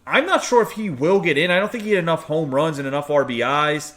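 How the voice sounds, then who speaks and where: A man's voice: a little high, quick pace, a bit bright. Chatty, opinionated man reviewing game cards. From United States (Pittsburgh). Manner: chatty, opinionated, reads off stat lists. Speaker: video game YouTuber. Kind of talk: casual game card review.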